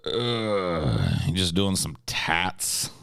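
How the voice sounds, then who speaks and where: A man's voice: sits low, very animated, drawn-out words, vocal fry, fairly bright tone, clear, resonant tone, no echo, clean studio sound. A man hosting a livestream, chatting casually and reading viewer comments in a crude, profane, sarcastic way. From United States. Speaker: livestream host.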